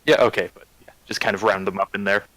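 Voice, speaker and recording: A man's voice: lowish voice, steady tone, fast talker, sharp tone, dry recording, rough recording. A man narrating a tabletop game in a casual, hesitant way.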